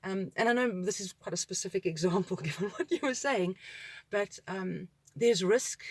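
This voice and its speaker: A woman with a South African accent, a school principal, talking in a relaxed discussion and acting out what children and parents say. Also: mid-range voice, moderate pace, slightly rough, no echo. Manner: animated, acts out children's and parents' voices. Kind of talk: conversational discussion.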